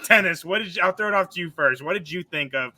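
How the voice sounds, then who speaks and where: A man's voice: high-pitched, quick pace, sharp tone, dry recording, rough recording. A man hosting a casual podcast chat, rambling and frank, filling his talk with "like" and swearing freely. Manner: rambling, heavy use of "like", frank and profane. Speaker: podcast host.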